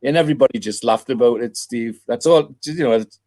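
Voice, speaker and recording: An older man from North East England tells long, meandering stories in a relaxed chat, pausing and restarting as he goes. His voice sits at a middling pitch and sounds dry and close, with no room around it. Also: no room sound. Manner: rambling anecdotal storyteller with chuckles. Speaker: podcast panelist. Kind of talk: casual chat.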